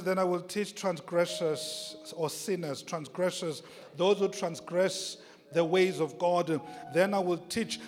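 Male preacher, high voice, fiery and repetitive, in a reverberant hall with faint music under him. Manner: impassioned, repetitive preaching with loud peaks and soft asides. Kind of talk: sermon.

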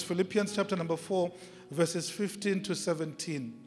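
High-voiced man preaching in a hall. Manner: emphatic preaching, repeating key phrases, drawn-out words. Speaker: pastor. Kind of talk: sermon. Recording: long reverb of a large hall, faint music.

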